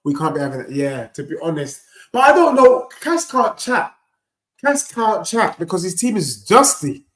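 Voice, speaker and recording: Brief: high-pitched lad, live watchalong host, rowdy banter, roomy echo. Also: male voice, moderate pace. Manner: animated banter, shouting at goals, teasing chat. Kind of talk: live football watchalong reacting to chat.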